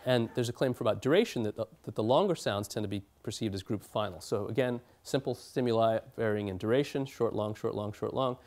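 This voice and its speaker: Male lecturer, slightly low voice, explanatory academic delivery in a lecture hall. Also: quick pace, hardly any pauses, darkish tone. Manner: explanatory, with fillers and restarts.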